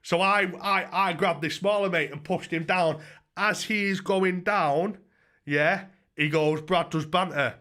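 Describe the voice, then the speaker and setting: A young man tells a rambling story to his livestream chat. His voice is bright and forceful, and he swears casually as he goes. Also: high voice, measured pace.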